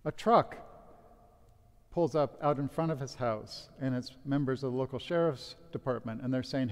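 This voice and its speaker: A man's voice: medium pitch, normal speed. A man officiating a wedding as priest, giving a casual homily with a joke. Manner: casual, joking storyteller. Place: church. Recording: long church reverb.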